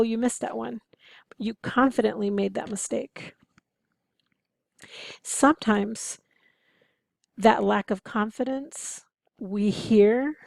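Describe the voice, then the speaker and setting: Female instructor, encouraging lecture tone, mellow voice with a dry, close sound. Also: mid-range voice, creaky, no room sound. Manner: explanatory, encouraging, occasionally laughing. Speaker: interpreting instructor. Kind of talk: recorded lecture over slides.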